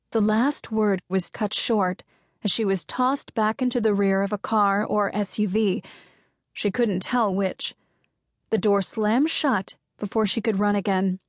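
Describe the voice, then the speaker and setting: A woman reads a romance novel aloud in a measured, clear storytelling voice. Her pitch sits in a middle range, and the studio recording is close and dry. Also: no echo. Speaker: audiobook narrator. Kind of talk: scripted narration.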